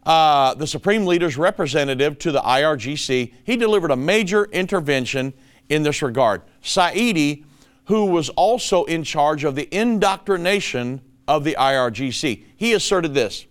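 A man's voice: fairly high pitch, expressive, normal speed. A man hosting a prophecy commentary show, talking emphatically and calling his listeners folks. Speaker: show host.

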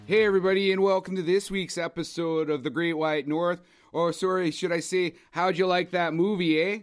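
A man's voice: high voice, fairly even intonation, a little fast, clear, resonant tone, soft background music, voice pushed up, lightly acted. A man doing a jokey impression of a beer-loving 1980s Canadian hoser, with an exaggerated folksy accent. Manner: exaggerated folksy put-on accent, ending lines with "eh". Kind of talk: comedic impression in casual podcast.

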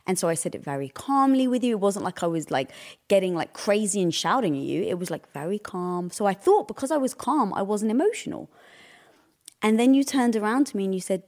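A woman's voice: mid-range voice, sing-song, fast, a little mellow. Chatty woman talking casually with her partner. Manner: chatty, many fillers. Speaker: co-host in couple's chat. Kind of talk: casual chat.

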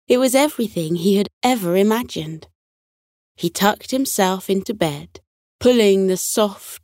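A woman reading a scripted bedtime story for children in a soothing, expressive way. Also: mid-range voice, no echo, clean studio sound.

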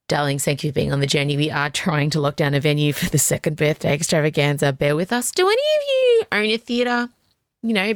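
An Australian woman in her forties hosts a late-night podcast from her home wardrobe. Her voice sits low but swings widely in pitch as she rambles from one tangent to the next. The sound is close and dry, with no room echo. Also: vocal fry. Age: 40s. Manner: scattered, rambling, quick tangents and laughter. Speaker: podcast host. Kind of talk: casual chatty podcast intro. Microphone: home mic on a video call.

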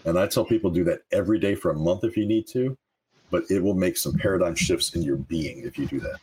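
A very deep, husky male voice belongs to a life coach speaking in a casual interview. He is earnest and animated and often breaks into laughter. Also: quick pace, rough recording.

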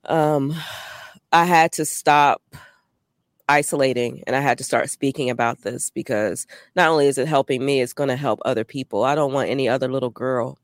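A woman guest on a podcast telling her personal story in a reflective, earnest, measured way. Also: rumbling low, no room sound, studio quality.

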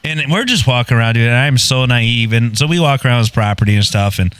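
A man's voice: mid-range voice, animated, quick pace, a bit bright, clean tone, dry recording. A man casually telling a long anecdote, blunt and profane and poking fun at himself. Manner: blunt, profane, self-mocking. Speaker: podcast guest telling a story. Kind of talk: casual storytelling.

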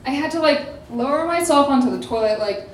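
High-voiced dramatic woman telling a story. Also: fairly quick, far from the mic, slight background noise. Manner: animated, dramatic, laughing asides, acts out quotes. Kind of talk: casual storytelling. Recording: echoey room, voice off-mic.

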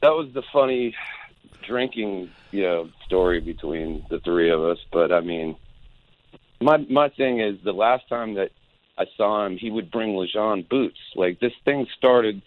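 Deep-voiced man on a tinny phone line. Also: expressive, measured pace. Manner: rambling anecdote with acted quotes. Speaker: guest musician. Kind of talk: phone-in storytelling.

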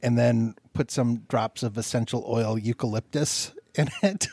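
A man's voice: medium pitch, measured pace, darkish tone, slightly rough, dry recording. A man co-hosting a podcast in casual chat, an eager film buff who laughs easily. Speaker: podcast co-host.

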